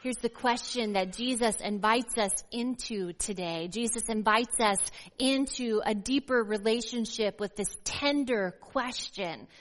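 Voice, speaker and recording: A woman pastor preaching a sermon and reading scripture aloud in a measured, emphatic way, slowing down to stress key words. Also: mid-range voice, a bit bright. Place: church sanctuary. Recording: long reverb of a church hall.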